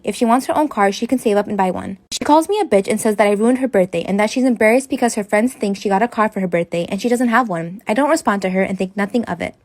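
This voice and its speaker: A woman reads online stories aloud at a quick clip, her voice slightly high. The sound is dry and close. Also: no room sound.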